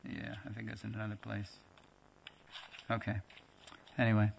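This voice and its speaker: A man's voice: on the low side, normal speed, vocal fry. Man telling a story in class. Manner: animated storyteller, acts out quoted dialogue; conversational with fillers and restarts, laughs now and then. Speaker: teacher of a religious class. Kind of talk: storytelling lecture.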